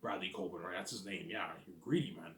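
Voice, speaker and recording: A man's voice: deep voice, fast, fairly bright tone. A man vlogging in a casual rambling monologue, full of fillers, restarts and the odd curse word. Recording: roomy echoing room.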